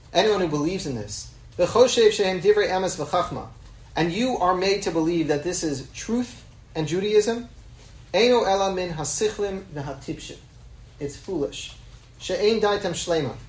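A man's voice: high voice, moderate pace, roomy sound, poor audio. A middle-aged man, a rabbi, giving a Torah class in a conversational storytelling manner, mixing in Hebrew terms. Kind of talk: Torah lecture with personal storytelling.

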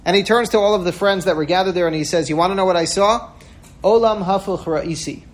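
A man giving a sermon-style talk, telling a parable with earnest feeling and acting out the voices in it. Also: a little high. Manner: earnest storyteller, acts out quoted voices.

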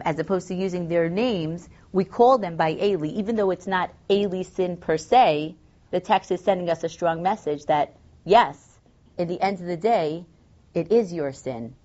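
A woman's voice: lowish voice, darkish tone, muffled recording. A woman teaching a text study class, thinking aloud with fillers and reading Hebrew verses. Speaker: Torah teacher.

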